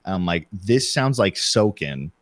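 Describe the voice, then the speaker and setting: A man chatting on a podcast, retelling his reactions in an animated way and acting out what he thought. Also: sits low, unhurried, no room sound, studio quality. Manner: animated storytelling, acts out his own reactions. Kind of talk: casual podcast chat.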